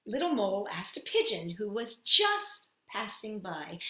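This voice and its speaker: A woman storyteller reading a children's picture book aloud, expressive and full of sound effects. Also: mid-range voice, a little slow. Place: at home. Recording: echoey room.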